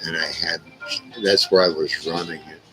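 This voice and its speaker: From home, an Indiana man hosts a casual livestream, rambling through stories for his live chat with plenty of swearing and laughter at his own jokes. His voice is very deep and fairly bright, with fairly even intonation and a moderate pace. Soft music plays behind him on a low-quality recording.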